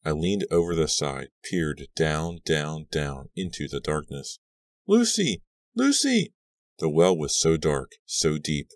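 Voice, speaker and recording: A man narrating a horror audiobook in a measured, tense reading. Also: extremely low pitch, fairly even intonation, no echo, clean studio sound.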